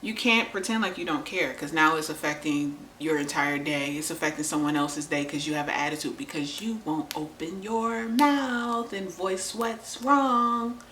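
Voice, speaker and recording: A woman with a somewhat low voice talks straight to camera in a candid vlog. She is blunt, swears freely and laughs between points. The room rings with echo, and faint noise sits behind her. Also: normal speed, few pauses, fairly bright tone. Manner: blunt and profane, laughs often. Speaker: vlogger. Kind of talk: candid relationship talk to camera. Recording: roomy echo.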